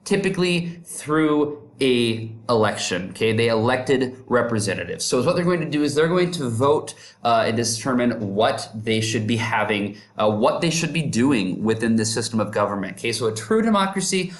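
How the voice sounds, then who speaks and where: A man's voice: mid-range voice, expressive, normal speed, few pauses. A man giving a casual, upbeat classroom lecture who keeps checking in with his listeners. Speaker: teacher.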